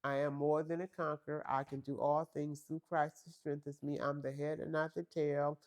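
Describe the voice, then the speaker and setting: A woman's voice: deep voice, little pitch movement, normal speed, a little mellow. A woman hosting a faith-based podcast, giving an emphatic motivational talk to women listeners with lots of repetition and direct address. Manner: preachy and emphatic, repeats phrases for emphasis; talks straight to women listeners, calls them girl and honey. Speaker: podcast host.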